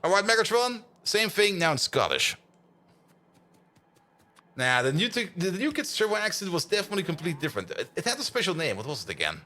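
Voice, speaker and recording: A man's voice: high voice, big pitch swings, fast, bright, forceful tone. A man streaming a game, chatting casually, teasing his bot and laughing often. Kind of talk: casual gaming commentary.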